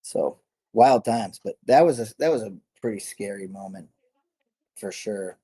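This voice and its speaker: A middle-aged man, a former fighter, tells stories in a loose, rambling way, often correcting himself and laughing. His voice sits low and sounds husky. His tone stays dark and mellow. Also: measured pace. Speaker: guest, former MMA fighter. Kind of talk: casual storytelling interview.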